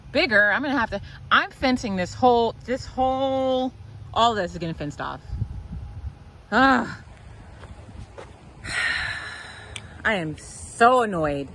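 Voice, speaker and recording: A woman with a Southern American accent talks through a casual garden vlog outdoors, her voice sitting at a middle pitch. She sounds exasperated, scolding the critters and venting as she walks her beds. Faint outdoor noise hums behind her. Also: fairly bright tone, rough recording. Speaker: garden vlogger.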